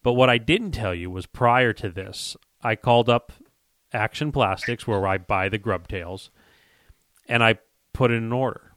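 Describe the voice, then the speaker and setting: A man's voice: lowish voice, a little slow, a bit bright, no room sound, clean studio sound. A man hosting a casual podcast, telling a rambling story and acting out what other people said. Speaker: podcast host and lure maker.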